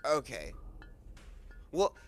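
A man's voice: mid-range voice, huge pitch swings, drawn-out words, a little hiss or hum, exaggerated voice. A man playing an eager eleven-year-old boy who rambles with lots of fillers.

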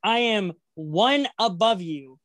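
A woman's voice: mid-range voice, expressive, slow pace, fairly bright tone, dry recording. A woman co-hosting a casual podcast, chatty and playfully competitive, rambling as she makes her predictions. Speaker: podcast co-host making match predictions. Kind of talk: casual chat.

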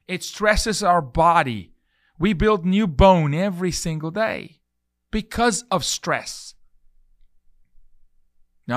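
A man's voice: on the high side, fairly bright tone, dry recording, studio quality. A man hosting a podcast, delivering an emphatic, preachy monologue full of repeated phrases and illustrative stories. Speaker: podcast host.

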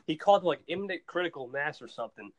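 This male podcast host talks rapid-fire in a voice on the high side, telling stories during a casual chat. His delivery is excitable and animated, with frequent repeated words.

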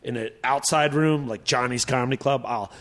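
A man who is a stand-up comedian, telling stories in casual chat, animated, profane and rambling. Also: mid-range voice, normal speed.

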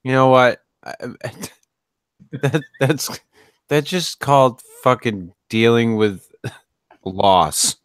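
A man co-hosting a podcast in casual chat, sarcastic and quick to swear. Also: medium pitch, fairly even intonation, clear, resonant tone, no room sound, studio quality. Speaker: podcast co-host.

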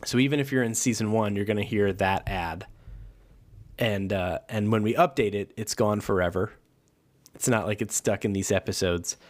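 A man's voice: fairly low pitch, moderate pace. Rambling, hesitant podcast guy. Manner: rambling, hesitant with fillers and restarts. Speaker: podcast co-host. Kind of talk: casual chat.

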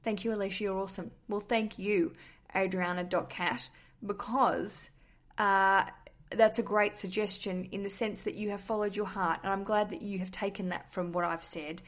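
A woman's voice: mid-range voice, normal speed. A woman hosting a podcast, reading out listener messages and adding playful asides in a chatty tone. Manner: animated, adds playful asides and jokes between read-out messages. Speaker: podcast host.

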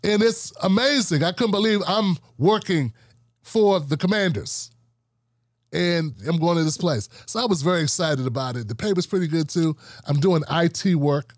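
Animated storytelling podcast host, man. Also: fairly high pitch, moderate pace, dry recording, studio quality. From Washington, D.C. area. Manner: animated, acts out quoted coworkers. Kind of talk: casual storytelling chat.

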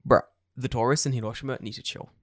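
A man's voice: mid-range voice, quick pace, dry recording, studio quality. A man co-hosting a casual podcast, telling stories with lots of swearing and acting out the people in them. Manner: animated storyteller, swears a lot, acts out people in quotes. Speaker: podcast co-host. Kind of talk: casual chat. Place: lives in Japan.

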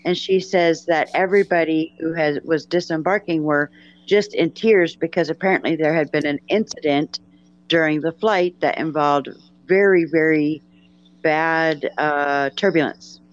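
Low-voiced woman telling stories on a podcast. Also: lo-fi sound. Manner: storytelling, measured with restarts. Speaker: podcast co-host. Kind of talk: casual chat, storytelling.

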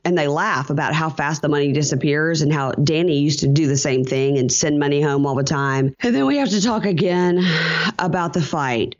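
A woman's voice: deep voice, moderate pace, lo-fi sound. A woman hosting a podcast, recapping a reality show in casual, chatty talk, laughing often and acting out quotes. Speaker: podcast host.

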